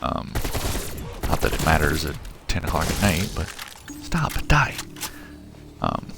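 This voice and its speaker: A man in his thirties from Missouri with a low, deep voice talks casually through a late-night game stream. He rambles, restarts his sentences and answers his chat aloud. Loud game music and gunfire play right under him. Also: normal speed, creaky. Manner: rambling, chatty, answers chat messages aloud, self-correcting. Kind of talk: casual live-stream chat while gaming. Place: home at night.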